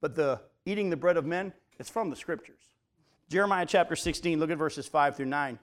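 A man with a slightly high voice leads a Bible study sermon. He moves between reading scripture aloud and plain, conversational explanation, putting questions to his listeners. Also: brisk. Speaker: pastor. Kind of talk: teaching sermon.

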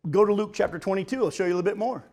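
A man's voice: high-pitched, a little mellow. Man preaching a sermon. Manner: emphatic preaching, slows for key points, addresses folks directly. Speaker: pastor.

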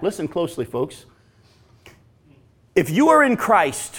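A male pastor preaching a sermon, swinging from loud emphatic lines to hushed, slow, drawn-out phrases. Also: high voice.

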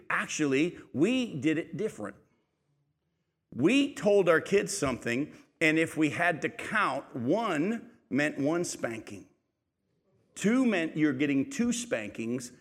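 A middle-aged man delivers a sermon, pressing his points with emphatic, rising intensity. His voice sits a little high for a man. The sound carries a long reverberant tail, as in a large church. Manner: emphatic, rising to shouts in stories. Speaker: pastor.

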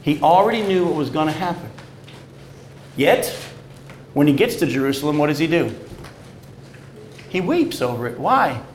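A man preaching a sermon and reading scripture aloud, swinging between loud emphatic peaks and low, quiet stresses. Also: sing-song, moderate pace, long pauses, reverberant, slight background noise, poor audio. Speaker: pastor.

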